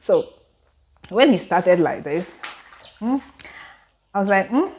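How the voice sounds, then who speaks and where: A young Nigerian woman with a Nigerian accent telling a personal story to camera, animated and full of rhetorical questions, indoors at home. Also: lowish voice, slow. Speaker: vlogger. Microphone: camera mic with ring light.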